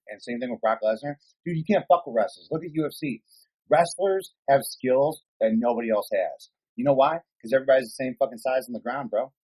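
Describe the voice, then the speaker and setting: A man co-hosting a podcast, chatting casually, rambling excitedly and swearing often. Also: mid-range voice, rough recording. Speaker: podcast co-host. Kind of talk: casual chat.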